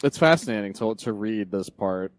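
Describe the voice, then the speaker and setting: A man's voice: fairly low pitch, lively intonation, normal speed, no room sound. A man co-hosting a casual comics podcast, talking in a rambling way with frequent laughs and restarts. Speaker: podcast co-host. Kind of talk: casual chat about comics.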